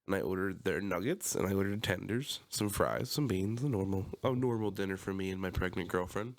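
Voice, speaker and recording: A young man from the Philadelphia area with a local accent, telling a story on a podcast in animated, profane casual chat. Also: deep voice, fairly quick. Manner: animated, swears, acts out quotes loudly. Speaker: podcast co-host.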